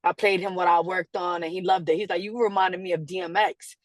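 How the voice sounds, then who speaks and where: Animated woman telling a studio story. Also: on the low side, fairly quick, no room sound. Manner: animated storyteller, acts out quotes, laughs often. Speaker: guest artist. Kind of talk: casual storytelling interview.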